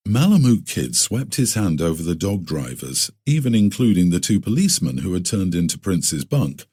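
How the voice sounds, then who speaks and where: Husky-voiced male audiobook narrator. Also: low voice, very animated, darkish tone, no room sound, clean studio sound. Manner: measured literary reading. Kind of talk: scripted narration of a classic story.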